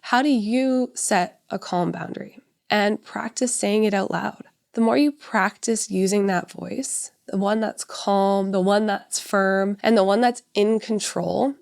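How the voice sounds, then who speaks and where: A parenting educator in her thirties hosts a solo parenting podcast in a medium-pitched, gravelly, slightly mellow voice. She speaks conversationally and reflectively, often checking in with "right?".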